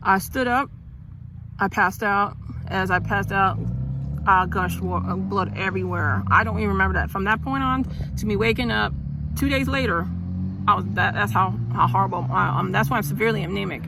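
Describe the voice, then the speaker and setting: A woman's voice: medium pitch, brisk, gravelly, noisy background. A middle-aged woman telling her own birth story in a casual vlog, rambling with restarts and sighs.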